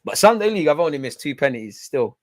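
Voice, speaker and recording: A young man with a London accent, chatting casually on a football watch-along stream in heavy slang, swinging between loud hype and low mutters. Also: very animated, fast talker. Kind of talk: casual live-stream chat.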